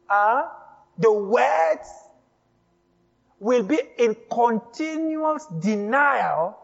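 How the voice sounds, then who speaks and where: A man preaching a sermon as pastor, speaking emphatically, repeating key phrases and building up to shouts. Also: extremely high pitch, creaky, big-room sound, highs cut off.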